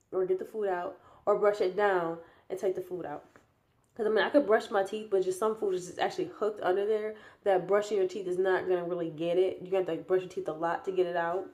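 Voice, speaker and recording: A woman's voice: mid-range voice, a little mellow. A young woman talking casually in a rambling vlog update, tired and yawning, with a slight lisp from new braces. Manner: chatty, rambling, with many fillers and restarts. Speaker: vlogger.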